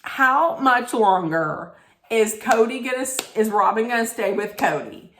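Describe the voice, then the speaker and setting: A woman's voice: fairly high pitch, animated, measured pace, noisy background. Woman, snarky recap vlogger, blunt, emphatic, sarcastic, roomy echo. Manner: blunt, sarcastic, emphatic, talks straight to viewers.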